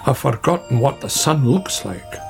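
A man voicing a sensible, grumbling male badger in a storybook, gruff and muttering. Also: medium pitch, animated, moderate pace, music in the background.

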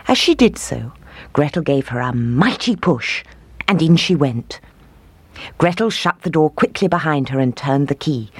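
A storyteller reading a fairy tale aloud in an expressive voice. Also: medium pitch, breathy edge, no echo. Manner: expressive, shifting voices for each figure.

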